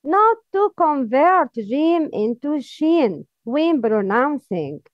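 In a dry, slightly dull recording with no room sound, a Quran recitation teacher with a high voice leads a patient, unhurried pronunciation lesson. Very animated, she repeats each letter's sound over and over, then corrects mistaken forms by setting them beside the right ones.

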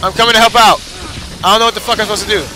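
A young man narrating his game in casual commentary, frustrated and swearing, repeating his cheers. His voice is high and very bright, almost sharp. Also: fairly even intonation, racing, faint music behind. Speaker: gamer.

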